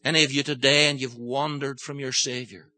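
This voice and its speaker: An older man preaching a sermon, impassioned, moving from gentle storytelling to forceful pleading. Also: mid-range voice, level tone, fairly quick.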